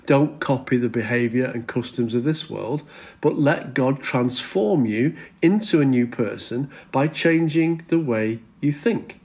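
A man's voice: mid-range voice, lively intonation, a little mellow. Earnest male pastor preaching a sermon. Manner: earnest, slows down for emphasis when reading scripture.

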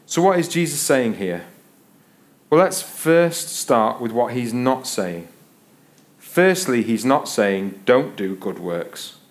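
A man's voice: mid-range voice, very animated, slow. A middle-aged man preaches with a playful, self-mocking storytelling manner. His voice sits in an ordinary middle register, and he moves easily from joking anecdotes into teaching. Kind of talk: sermon.

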